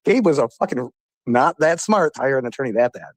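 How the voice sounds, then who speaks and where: Fast-talking, profane man. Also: mid-range voice, no echo. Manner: profane, rambling, animated. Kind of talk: casual heated chat.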